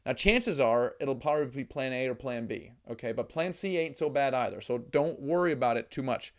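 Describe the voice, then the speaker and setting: A middle-aged man giving a motivational teaching talk on real estate investing, energetic, often repeating words and acting out worried inner voices. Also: mid-range voice, fairly quick.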